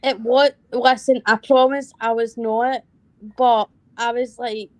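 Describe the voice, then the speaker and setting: A woman's voice: on the high side, little pitch movement, takes it slowly, darkish tone, no room sound. A woman with a Scottish accent, chatting casually as a panel guest, rambling and apologetic. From Scotland. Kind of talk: casual chat.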